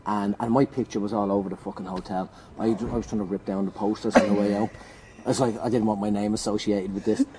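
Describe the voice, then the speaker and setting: A man's voice: on the low side, level tone, quick pace, very noisy. Laughing man telling a comic story. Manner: laughing, swearing storyteller who acts out quotes. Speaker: comedian guest on a podcast. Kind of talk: animated comic anecdote.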